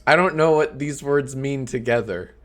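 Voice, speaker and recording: Chatting casually on a live stream at a moderate pace, a man in his thirties jokes, gets sarcastic and swears freely. He often bursts into high laughter.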